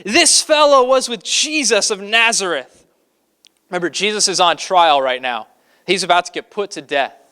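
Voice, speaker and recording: Male pastor from Kentucky, chatty sermon delivery, smooth resonant tone, slightly high voice. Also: sharp tone. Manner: conversational, with frequent fillers; acts out scripture quotes dramatically.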